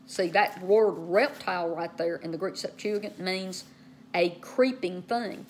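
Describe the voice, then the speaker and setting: A woman's voice: lowish voice, a little hiss or hum. Woman teaching Bible in easy chat. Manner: conversational, spells out words, frequent "okay" and "uh"; slows down to stress key words. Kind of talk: casual Bible teaching to camera.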